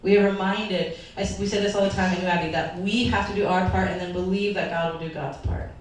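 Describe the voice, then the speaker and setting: A woman pastor delivers an earnest, heartfelt sermon, her voice at times wavering near tears. She sits at a middle pitch and is picked up from some distance in a big church hall. The sound rings with heavy echo over a faint hum of room noise. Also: fairly even intonation, quick pace. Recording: echoey hall from far off.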